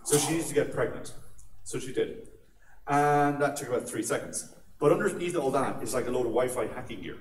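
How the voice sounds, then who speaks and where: A man's voice: medium pitch, a little fast. Joking Irish man in an echoey hall. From Ireland. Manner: jokey and conversational, with frequent "right?" asides. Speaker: conference speaker. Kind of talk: humorous security talk. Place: large conference atrium. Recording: echoey hall, mic at a distance.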